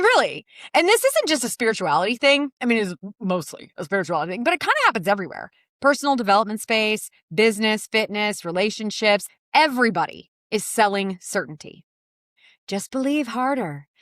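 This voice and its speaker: A woman's voice: high voice, a bit bright, dry recording, studio quality. Candid swearing woman podcast host. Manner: candid, swearing, laughing often. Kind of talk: casual confessional monologue.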